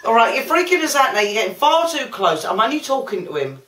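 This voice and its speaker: A woman's voice: fairly high pitch, very animated, fast, fairly bright tone, recorded from a distance. A woman, trading sarcastic, teasing banter in a casual chat. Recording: roomy sound from off the mic.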